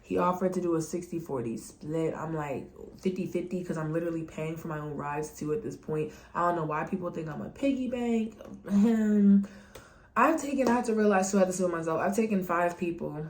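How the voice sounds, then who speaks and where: A young woman talks straight to her camera, venting about her life in a candid, animated way. Her voice sits a little low for a woman. She often slips into mocking voices for the people she quotes. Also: fast, slight background noise. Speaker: vlogger.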